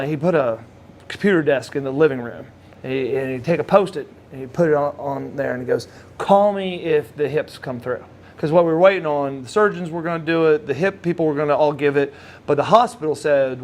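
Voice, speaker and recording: Animated man telling a story. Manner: animated, acts out quoted voices with big pitch jumps; halting restarts and repeated words. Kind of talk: casual spoken anecdote.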